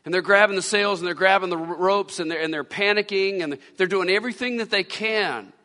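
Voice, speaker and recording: A man delivers a sermon from the pulpit, circling back and repeating lines to drive his point home. His voice is bright and sits slightly high, and it rings out with a long reverb from the church around him. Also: brisk. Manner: preaching with repetition and rising emphasis. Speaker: pastor. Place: church sanctuary.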